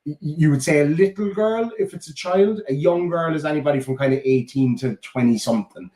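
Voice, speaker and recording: A man's voice: fairly high pitch, fairly quick, mellow. A man with an Irish accent telling heartfelt stories in casual chat, swearing freely. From Ireland. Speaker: podcast co-host. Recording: roomy echo.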